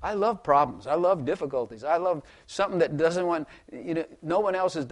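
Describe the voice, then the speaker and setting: A man's voice: on the high side, lively intonation, brisk, few pauses. An older man preaching a rambling, folksy sermon to his congregation, chuckling and repeating words as he goes. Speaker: pastor.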